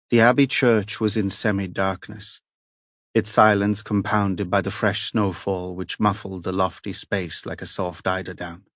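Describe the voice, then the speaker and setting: A man reads a crime novel aloud in a steady, measured way. His voice is on the low side and sounds dry and close to the mic, with no room around it. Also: no room sound. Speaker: audiobook narrator. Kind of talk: scripted narration.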